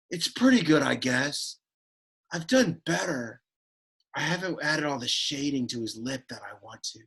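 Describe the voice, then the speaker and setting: A man voicing a sullen, awkward teenage boy who gives a Latin lesson, deadpan, whiny and easily annoyed. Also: fairly high pitch, gravelly, breathy edge, exaggerated voice. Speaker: Latin teacher.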